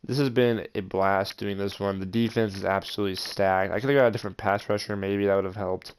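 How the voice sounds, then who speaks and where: A young man hosting his gaming channel, commenting over football video game footage in an excitable way with frustrated outbursts. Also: lowish voice, a little fast, smooth. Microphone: voice-over over gameplay.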